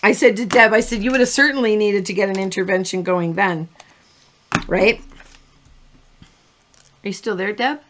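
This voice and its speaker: A middle-aged woman talks her viewers through a card-making project on a live stream. She chats and rambles while she works, breaking off into anecdotes and laughing at her own stories. Her voice sits at an ordinary middle pitch. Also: normal speed, long pauses, fairly bright tone, slight background noise. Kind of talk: live-stream crafting tutorial.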